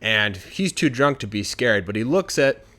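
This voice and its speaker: A man telling a folk tale in a relaxed, conversational way, adding asides like "you know". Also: medium pitch, moderate pace. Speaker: storyteller. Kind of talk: casual spoken storytelling.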